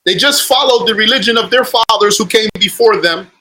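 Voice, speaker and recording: High, bright-voiced man giving a lecture. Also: a little fast, rough recording. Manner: argumentative, quotes opponents then rebuts them; recites Arabic scripture then translates it. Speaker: religious teacher. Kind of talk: lecture on belief.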